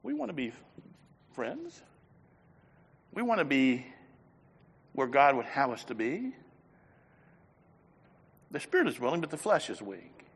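A man preaching a sermon in a folksy, emphatic way, his voice swelling loud on key phrases. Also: medium pitch, huge pitch swings, measured pace, long pauses. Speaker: pastor. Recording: echoey hall, faint background noise.

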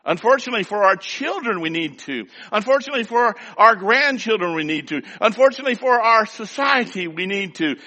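A man's voice: sits high, expressive, brisk, few pauses, sharp tone, in a large hall. An older man preaching a sermon in a folksy, rhythmic way, with lots of repetition. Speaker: pastor.

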